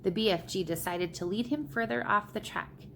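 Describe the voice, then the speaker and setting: A woman reading a children's storybook aloud with steady, plain narration. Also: mid-range voice, moderate pace, gravelly, a little hiss or hum. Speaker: reader.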